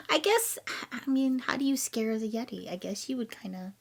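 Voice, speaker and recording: A woman's voice: a little high, sing-song, a little slow, gravelly, slightly rough. A woman co-hosting a casual review podcast, giggly and hesitant with frequent ums. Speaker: podcast co-host reviewing haunted attractions. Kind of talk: casual chat.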